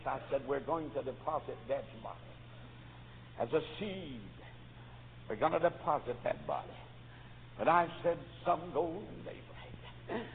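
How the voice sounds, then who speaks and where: A preacher delivering a revival sermon, swinging from hushed storytelling to loud fervent shouts. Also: male voice, on the high side, slight background noise. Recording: tinny lo-fi recording in a reverberant church.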